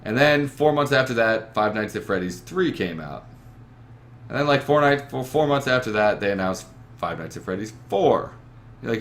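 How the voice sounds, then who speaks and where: A man's voice: medium pitch, expressive, moderate pace, a little hiss or hum. A young man hosting a gaming podcast from a webcam setup, talking in a rambling, profane, emphatic way. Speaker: podcast host. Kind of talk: casual chat.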